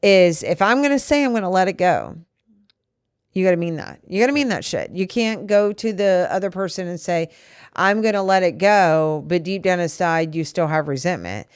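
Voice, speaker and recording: With a lowish, clear, resonant voice that's animated and a little fast, a woman co-hosting a podcast discusses a disagreement with her partner. She explains earnestly and at length with restarts, in a frank couple's conversation. Studio quality, no echo.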